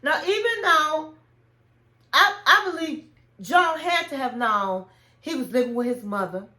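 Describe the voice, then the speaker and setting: A high-pitched woman in casual recap commentary, sounding off with strong opinions about what she saw. She retells each scene by acting out people's lines herself. Her voice bounces around a roomy, echoey space. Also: lively intonation, a little slow, sharp tone. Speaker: reality TV recap host.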